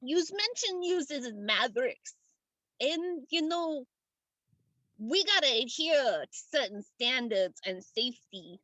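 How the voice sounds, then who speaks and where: A woman game master voicing a gruff, touchy working man who talks tough-guy slang with broken grammar, slow and suspicious. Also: sits high, expressive, bright, forceful tone, no echo, full character voice, poor audio. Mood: stern. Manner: suspicious, slow, drawn-out delivery. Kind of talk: tabletop role-play voice acting.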